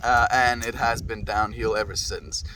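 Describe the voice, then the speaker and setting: A man's voice: fairly low pitch, fairly even intonation, normal speed, pushed and bright. A man in his twenties with a South African accent, chatting casually with his stream chat in a laid-back, rambling way. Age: 20s. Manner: laid-back, rambling, says "dude" and "my friend". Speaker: livestreamer reading chat. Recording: distant mic with faint background noise.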